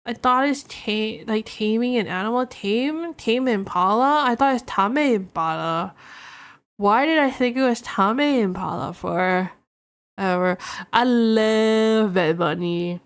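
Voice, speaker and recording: A woman's voice: a little high, lively intonation, a little slow. A woman streamer chatting casually, a little tipsy, rambling and reacting to her chat.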